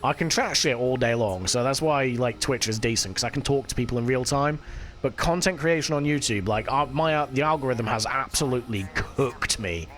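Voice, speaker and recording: A man's voice: medium pitch, lively intonation, fairly quick, fairly bright tone. A man chatting casually with his live-stream chat while he plays, swearing now and then. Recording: faint music behind.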